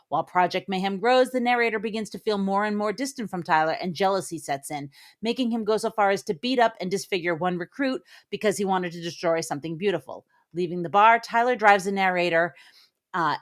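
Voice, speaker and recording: A woman co-hosting a casual movie review podcast, recapping the plot and sharing opinions with frequent fillers. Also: medium pitch. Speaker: podcast co-host.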